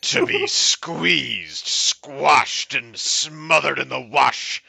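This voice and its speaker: A man co-hosting a comedy podcast, reading a poem aloud in a slow, mock-solemn way. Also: fairly high pitch, animated, vocal fry, sharp tone, husky, no echo. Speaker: podcast co-host reading poems. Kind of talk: comic dramatic poetry reading.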